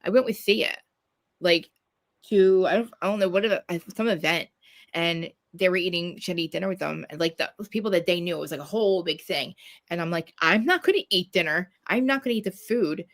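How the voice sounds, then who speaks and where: A woman hosting a casual gossip chat, talking in a profane, animated way and acting out the quotes she tells. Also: fairly low pitch, brisk. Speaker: podcast host. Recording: dry home streaming mic.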